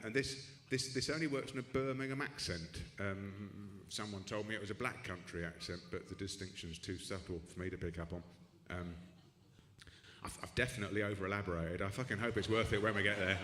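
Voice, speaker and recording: A man's voice: lowish voice, steady tone, brisk, sharp tone. A man doing a stand-up comedy set in a club, with dry, rambling, self-deprecating asides and frequent restarts. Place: comedy club stage with live audience. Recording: echoey club room with audience noise.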